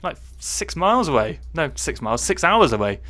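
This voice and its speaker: A man's voice: on the high side, very animated, moderate pace, pushed and bright. A man with a Cornish accent, chatting playfully on a livestream and tripping over tongue twisters. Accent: Cornish English. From Cornwall, England. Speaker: livestream co-host. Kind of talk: casual chat.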